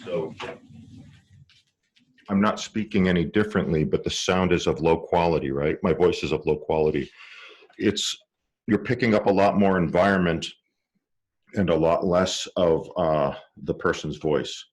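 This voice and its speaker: A man teaching an online film class, explaining with live demonstrations and halting restarts, speaking into a directional microphone. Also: deep voice. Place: room with a cluttered table.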